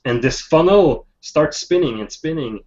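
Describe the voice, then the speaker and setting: A man narrating a tabletop game as game master, with halting, restart-filled speech. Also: fairly high pitch, lively intonation, a little mellow. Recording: dull lo-fi sound.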